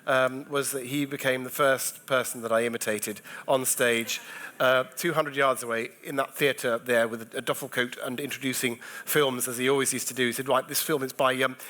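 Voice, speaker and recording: A man with a bright, forceful voice gives a talk to an audience of teachers. He tells stories in a restless way, jumping between thoughts and restarting his sentences. The voice is clear and lively. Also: mid-range voice, normal speed. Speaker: comedian speaking at an education festival. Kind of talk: keynote talk and anecdotes.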